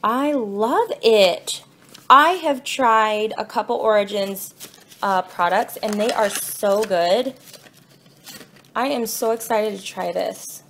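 A young woman gushing excitedly as she unboxes gifts in her home kitchen, filming on a phone in one hand and apologizing as she fumbles. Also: mid-range voice, slow pace, a little hiss or hum. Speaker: vlogger. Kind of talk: casual unboxing vlog. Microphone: phone held in one hand.

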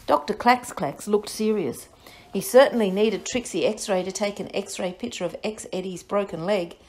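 A woman reading a children's story aloud for a reading lesson, clear and expressive, sounding words out carefully. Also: mid-range voice. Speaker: reading teacher.

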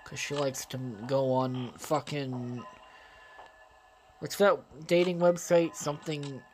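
A man giving profane, excitable let's play commentary and talking straight to his viewers. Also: a little high, slow, slight background noise. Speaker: gaming channel host.

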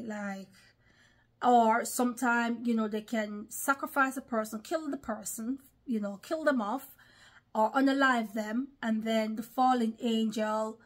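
Speaking at a fairly high pitch, a woman delivers forceful religious commentary on her online vlog. This preacher repeatedly refers to her audience as brothers and sisters.

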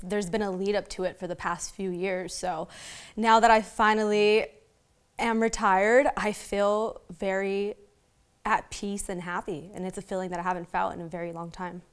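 A young woman with a Southern Californian accent, talking about her retirement in a sit-down interview, halting often and restarting her sentences. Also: mid-range voice. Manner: halting, many restarts and fillers. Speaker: interview guest, retired boxer.

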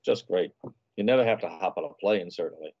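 A man's voice: deep voice, a little fast, dry recording, dull audio. A man guest on an interview show, a food and travel writer telling leisurely, anecdotal stories in casual conversation.

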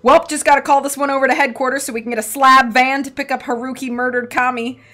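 A woman reading aloud, voicing a blustering, self-important male deputy sheriff in a brash, loud manner. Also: high voice, fairly even intonation, quick pace, soft background music, pitched above the performer's own voice. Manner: pompous and brash, louder than the narration.

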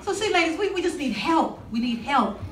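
A woman's voice: high-pitched, animated, fairly quick. A woman doing stand-up comedy, sassy and conversational, teasing the audience, recorded live on stage in a large hall. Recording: echoey hall with crowd noise, mic at a distance.

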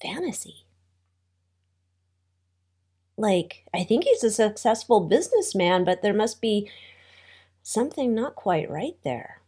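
A woman's voice: medium pitch, sing-song, measured pace, dark tone, slightly rough. A woman giving a casual tarot reading, chatty, with wry asides and thoughts that trail off. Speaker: tarot reader.

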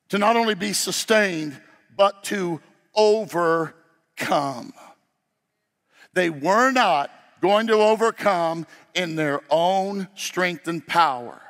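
A man preaching at a slow, deliberate pace, his fairly high voice carrying through a large sanctuary with a long reverb tail. He swings between loud, emphatic declarations and quiet, low passages. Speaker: pastor. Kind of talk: sermon.

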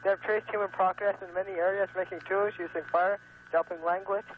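A man calling into a radio show, reading a long passage in a rapid deadpan way. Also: high-pitched. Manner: fast, deadpan, reading aloud. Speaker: caller. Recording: tinny phone line with faint noise.

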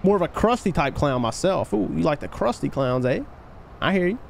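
A man live-streaming a game, chatting casually with his viewers and hyping up shout-outs to chat. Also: lively intonation, fairly quick, vocal fry, a little hiss or hum. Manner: hyped shout-outs to chat, voice jumping high on greetings; laid-back, easygoing talk between shout-outs.

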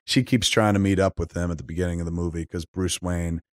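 A man with a low, slightly mellow voice talks fast with fairly even intonation, recorded at studio quality with no echo. Hosting a podcast, he recaps a film casually, profane, rambling and enthusiastic.

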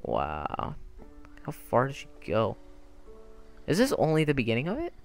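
Frantic reactions drive this young gamer's let's play of a story game, his medium-pitched voice swinging hugely in pitch at a measured pace, with vocal fry. He talks into a desk microphone while game music plays under his voice.

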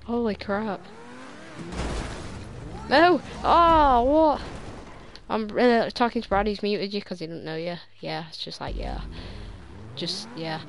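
A gravelly, medium-pitched female voice at normal speed, heard over background noise, belongs to a young woman playing online races. She narrates the gameplay live while chatting with friends, becoming easily frustrated and repeating words under pressure.

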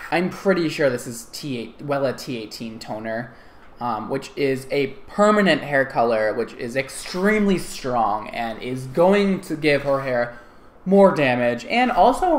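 A woman hairdresser giving casual, expressive reaction commentary on videos, explaining hair care in plain terms. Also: sits low, normal speed, echoey room. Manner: expressive, gasps and laughs, explains in lay terms.

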